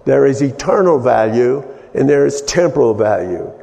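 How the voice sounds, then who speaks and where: A man preaching a Bible-teaching sermon, explaining in a halting way with many restarts and fillers. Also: medium pitch, lively intonation, creaky, dark tone, big-room sound.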